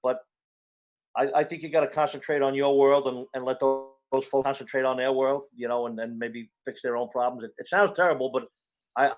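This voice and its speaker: A male fire chief speaks as a guest on an online panel over a video call. He talks quickly in a mid-range voice, earnest and blunt, stumbling and restarting as he goes. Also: medium pitch, steady tone, faint music behind. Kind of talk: casual online panel chat.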